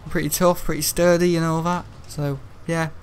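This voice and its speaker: A gaming live streamer chats casually while he plays, rambling and grumbling between frequent bursts of laughter. His voice sits on the high side, with a level tone and a moderate pace.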